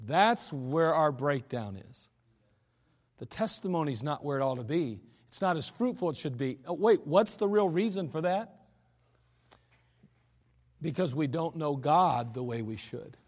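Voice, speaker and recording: A man's voice: fairly high pitch, animated, measured pace, pauses often. A man preaching a sermon in a church, earnest and emphatic in a conversational way. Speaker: pastor. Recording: echoey church hall.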